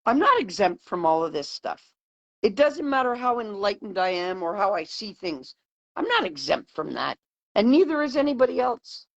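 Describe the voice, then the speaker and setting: A woman's voice: medium pitch, very animated, moderate pace. A woman hosting a heartfelt conversation, talking earnestly and repeating phrases for emphasis. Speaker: host. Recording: dull lo-fi sound.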